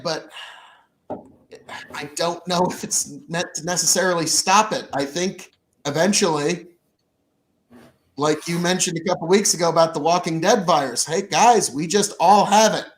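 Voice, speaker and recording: A man co-hosting a casual podcast chat, with a voice that sits notably high for a man. He talks in animated, jokey bursts. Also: a little slow, pauses often. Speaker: podcast co-host.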